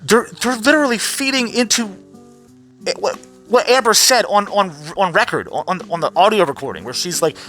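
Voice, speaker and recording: Bright-voiced man ranting profanely. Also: high-pitched, animated, normal speed, soft background music. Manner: profane, rambling, restarts often. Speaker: vlogger. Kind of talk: ranting commentary vlog.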